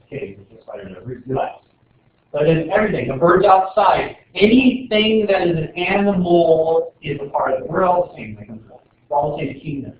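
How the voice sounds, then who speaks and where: A man teaching a biology class, joking and rambling as he lectures, recorded from the back of a classroom. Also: on the high side. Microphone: far camera. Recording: distant, echoey, tinny classroom camera audio.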